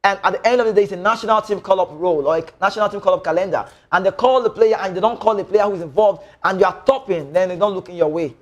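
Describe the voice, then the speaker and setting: Nigerian male sports presenter, high voice, rambling and opinionated, slips into Pidgin. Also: fast talker, few pauses, highs cut off. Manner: mixes Nigerian Pidgin into English, animated and rambling. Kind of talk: opinionated football news commentary.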